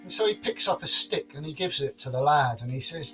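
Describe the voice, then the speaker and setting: A man's voice: a little high, lively intonation, fairly quick, few pauses, bright, forceful tone, soft background music. A man telling a folk tale aloud in a playful, wry, dramatic way. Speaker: storyteller. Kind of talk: oral folk-tale storytelling.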